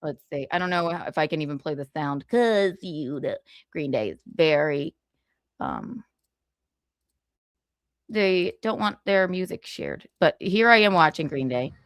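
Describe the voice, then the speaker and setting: A woman's voice: sits low, expressive, measured pace, dry recording, studio quality. A young adult woman hosting a casual livestream, chatting and giggling, swearing freely while she reads comments. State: tearful, choked up. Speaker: livestream host.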